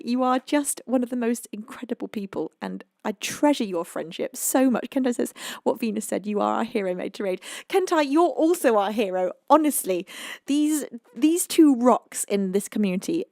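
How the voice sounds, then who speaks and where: A British woman streamer chokes up with emotion as she thanks her chat, laughing through near-tears. Her mid-range voice is recorded close and dry, with no room sound. She gushes warmly and trips over her words. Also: medium pitch, no room sound. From United Kingdom. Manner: tearful, gushing, laughs often. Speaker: livestream singer and host.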